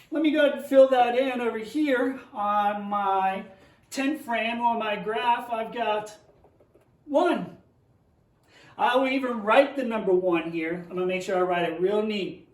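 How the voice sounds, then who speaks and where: A man's voice: high-pitched, a little slow, reverberant, distant mic. A man teaching young children, playfully reading a tongue-twister picture book aloud and then explaining a math lesson at a board.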